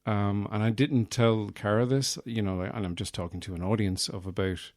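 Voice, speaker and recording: Man rambling in a deadpan comic podcast monologue. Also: lowish voice, moderate pace, dry recording, studio quality. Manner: deadpan absurd bragging, frequent fillers. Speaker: podcast host, comedian.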